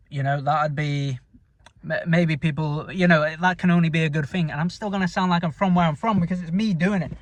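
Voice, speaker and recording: A northern English man rambles bluntly through a casual vlog monologue, swearing freely and mumbling his words. His voice sits a touch high for a man. The sound is dry and close, with almost no room echo. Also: steady tone, fairly quick. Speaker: vlogger. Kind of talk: casual self-talk vlog.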